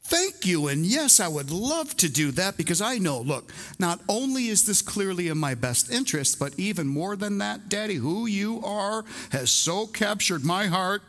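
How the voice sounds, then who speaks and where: Man putting on a sweet little girl's voice, raised and bright, earnest and gushing, adoring her daddy. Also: sits high, very animated, moderate pace, hardly any pauses, voice pushed up, exaggerated voice. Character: sweet, adoring young girl thanking her father.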